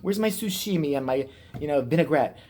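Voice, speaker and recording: A man's voice: fairly high pitch, lively intonation, brisk, darkish tone. A man voicing a haughty, prissy woman politician who sneers at cheap food. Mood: snooty. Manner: snooty, prissy.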